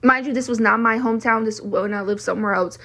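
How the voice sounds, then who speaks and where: A woman's voice: a little high, quick pace, fairly bright tone. A young woman from South Carolina telling a rambling, indignant storytime vlog, full of "like"s. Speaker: vlogger.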